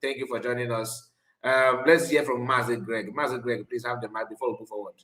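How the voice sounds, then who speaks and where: A man hosting a live call-in program, polite to callers and halting with fillers. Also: medium pitch, little pitch movement, pushed and bright, roomy sound, rough recording.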